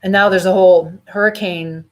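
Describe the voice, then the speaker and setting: Brief: woman vlogger, sick, aching, lower voice, rambles and reads out chat comments on a live stream. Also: steady tone, fairly quick, low-quality recording. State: sick and in pain.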